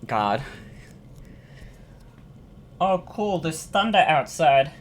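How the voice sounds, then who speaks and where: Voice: mid-range voice, expressive, a little slow, a bit bright, a little hiss or hum. Profane ranting game streamer. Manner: profane, ranting, repeats themselves. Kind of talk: casual live-stream reaction chat.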